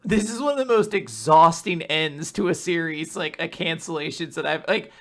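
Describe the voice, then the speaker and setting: A man's voice: on the high side, moderate pace. A man co-hosting a casual chat show, talking bluntly and with enthusiasm and swearing freely. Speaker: podcast co-host.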